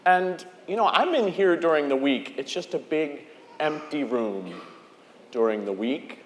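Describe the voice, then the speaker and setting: A man's voice: on the high side, animated, unhurried, a little hiss or hum. A man leading a children's time in a church service, asking playful questions and leading a song. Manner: playful, asks questions, sings along. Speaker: director of lifelong faith formation. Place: large church sanctuary. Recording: echoey hall, organ music behind.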